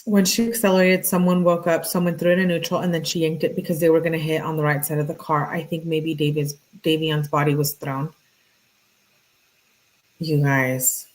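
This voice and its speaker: A woman's voice: low voice, level tone, normal speed, low-quality recording. A woman reading text messages aloud and adding casual, exasperated comments while answering chat questions. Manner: exasperated asides between read messages. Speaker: true crime commentator.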